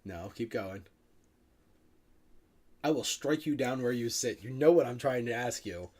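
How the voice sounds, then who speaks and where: A man co-hosting a comedy podcast, teasing and prodding his partner and quick to laugh. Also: medium pitch, lively intonation, a little mellow. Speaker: podcast co-host. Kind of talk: comedic casual chat.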